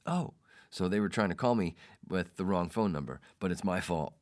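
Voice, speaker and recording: Low-voiced man telling a story. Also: moderate pace. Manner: animated, mimics others in quoted lines. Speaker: podcast host. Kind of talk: casual storytelling.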